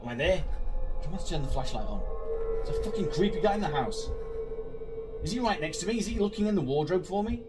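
A man's voice: high voice, lively intonation, quick pace, pauses often, distant mic, loud music behind the voice. A man commentating a horror game, swearing a lot, jumpy and sarcastic. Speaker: gaming YouTuber.

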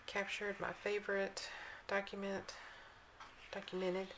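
A woman's voice: mid-range voice, monotone, a little slow, background noise. A woman vlogging a casual walkthrough of planner sticker books, reading the slogans aloud in a chatty, admiring way.

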